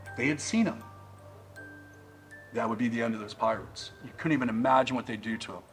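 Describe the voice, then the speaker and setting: A middle-aged man telling a spooky tale in dramatic campfire style, dropping to a hush and then swelling loud. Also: medium pitch, a little fast, rough recording. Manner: dramatic, swings between hushed and loud. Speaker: storyteller. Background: music.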